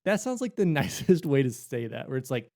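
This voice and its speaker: A man co-hosting a gaming podcast in casual chat, jokey and animated, slipping into quick silly voices. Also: medium pitch, creaky. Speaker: podcast co-host.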